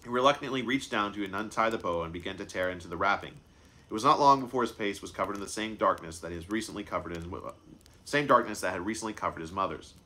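A man's voice: on the low side, fast, sharp tone. A man reading his own book aloud live, stumbling and correcting himself as he goes. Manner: unscripted stumbles and self-corrections. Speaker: author and narrator.

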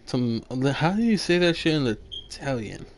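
Excitable young man trash-talking over a game. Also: a little high, normal speed, creaky. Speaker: gamer streaming gameplay. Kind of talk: casual gameplay commentary.

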